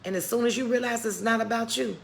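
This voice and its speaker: Speaking fast in a gravelly, slightly high, steady voice, a middle-aged woman gives a preacherly faith talk over a live stream with a little hiss or hum. She addresses viewers as "baby" and welcomes chat members by name.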